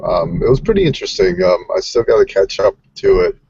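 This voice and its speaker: A man's voice: on the low side, huge pitch swings, a little fast, darkish tone, a little hiss or hum. A man joining an online group chat from his phone, talking in a laid-back, hesitant way. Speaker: participant in an online discussion. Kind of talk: casual group video chat. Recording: dull lo-fi phone audio.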